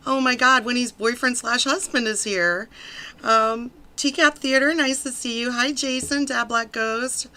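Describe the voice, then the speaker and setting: A bright, high-voiced woman hosts a loose live-stream chat. She giggles a lot and runs through viewers' names between topics. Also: fairly even intonation, a little slow. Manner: giggly, greets chat by name. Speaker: stream host.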